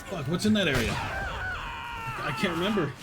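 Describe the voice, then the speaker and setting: A man's voice: sits high, expressive, rapid-fire, background noise. A man streaming, chatting casually with his viewers, rambling and swearing with frequent laughs. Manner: chats with unheard viewers, reads chat.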